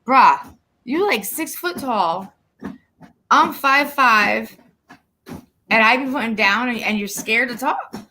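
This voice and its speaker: A young woman with a bright, forceful voice, chatting casually on a couple's livestream. She tells stories bluntly and animatedly, swearing freely. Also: on the high side, slow pace, long pauses, slight background noise. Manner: blunt, profane, animated storytelling. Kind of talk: casual chat.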